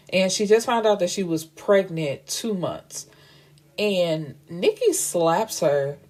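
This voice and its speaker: A woman recaps a novel's plot for her book show, speaking in a relaxed, frank and slangy way. Her voice sits a little low and sounds warm and mellow rather than bright. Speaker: book reviewer host.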